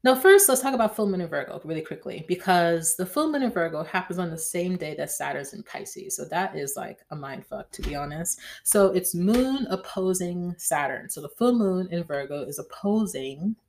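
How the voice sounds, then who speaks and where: A woman's voice: on the low side, expressive, moderate pace, hardly any pauses, a little mellow. A woman hosting a podcast in a casual, chatty way, often checking in with "right?". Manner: chatty, tags lines with "right?", slangy. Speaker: podcast host. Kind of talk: casual astrology chat.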